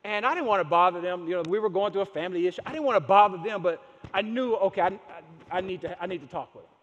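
A man with a very high voice delivers a sermon, pressing home his points by repeating key phrases. His words ring out with a long reverb through a large church sanctuary. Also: fast, fairly bright tone, lo-fi sound. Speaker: pastor.

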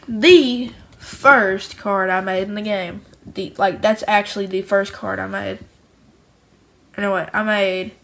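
A woman's voice: medium pitch, poor audio. A woman who makes her own card game, casually and cheerfully going through each card, rambling and often restarting her sentences. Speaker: homemade card game creator.

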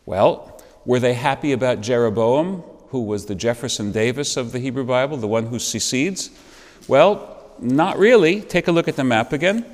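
A man leads an adult Bible class in a church, speaking at a middle pitch in a chatty, lecturing way. He drops wry asides with a chuckle and puts questions to the class. His voice carries a long reverb from the church room.

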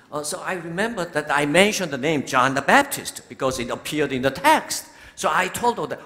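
A Korean-accented bishop in his sixties tells stories during a sermon in a large church sanctuary, warm, slow and deliberate, laughing often. His voice is on the high side with lively intonation, and the recording carries long hall reverb from the church.

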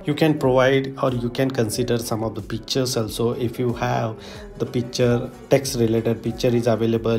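Mellow-voiced man demoing an app. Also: medium pitch. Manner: halting non-native English, repeats "look at this". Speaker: tech tutorial host. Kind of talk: casual screen-recorded app demonstration.

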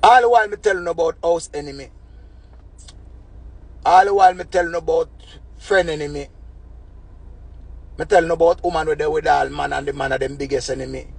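A man with a Jamaican accent talking on a phone live stream, rambling in patois with proverbs and shout-outs. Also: a little high, brisk, vocal fry, pauses often, breathy edge. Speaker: livestream host. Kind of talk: casual live-stream talk.

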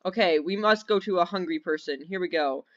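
A young man giving casual, rambling commentary over gameplay, easily excited and giggly. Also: high-pitched, a little fast. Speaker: gaming video host. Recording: dull lo-fi sound.

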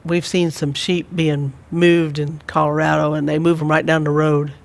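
A man leading a church Bible study, talking gently and rambling with many fillers. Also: a little high, flat delivery, moderate pace, vocal fry. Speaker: church teacher.

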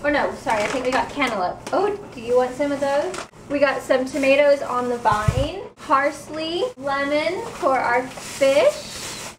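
A young woman talks through her groceries in a bright, chatty, upbeat way. Her voice sits high. She is picked up from a distance in a roomy kitchen with steady background noise. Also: measured pace. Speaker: vlogger. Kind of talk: casual chat. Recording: roomy, distant camera mic.

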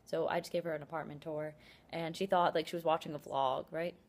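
Her voice is low-pitched and fairly quick, with little rise and fall. A young college student vlogging casually in her apartment, she rambles to the camera, using "like" constantly and grumbling at her own expense.

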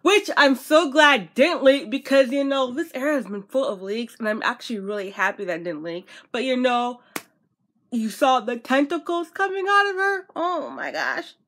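A woman vlogging as an excited fan, gushing breathlessly and repeating herself. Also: high voice, normal speed.

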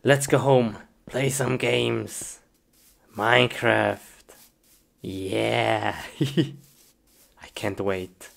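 A woman performing a comic skit in simple, broken phrasing, breaking into sudden high yelps. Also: fairly even intonation, extremely slow, creaky, long pauses. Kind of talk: comic live-action skit. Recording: noisy home recording.

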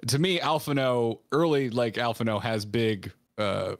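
A man's voice: mid-range voice, steady tone, measured pace, no room sound, clean studio sound. A man hosting a podcast, joking around, laughing easily and restarting his sentences. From United States. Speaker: podcast host. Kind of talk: casual podcast chat.

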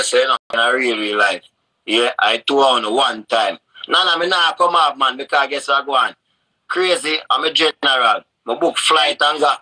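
Jamaican guy on a live stream, super bright sharp voice, gets animated. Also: mid-range voice, rough recording. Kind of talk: casual live-stream chat.

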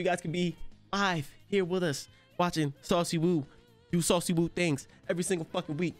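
A young man hosting an anime reaction video, talking in excitable, slangy, profane bursts, often laughing and yelling. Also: sits high, fairly quick, soft background music. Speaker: anime reaction channel host.

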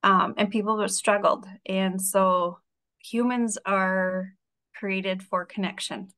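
A woman speaks candidly on a panel and pokes fun at herself. Her voice sits at a middle pitch. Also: fairly even intonation, takes it slowly, a bit bright. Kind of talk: panel discussion.

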